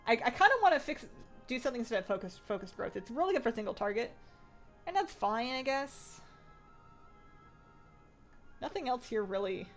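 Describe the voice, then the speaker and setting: A woman hosting a casual gaming livestream, thinking aloud, answering viewer chat and laughing often. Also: medium pitch. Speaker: livestream host playing an online game.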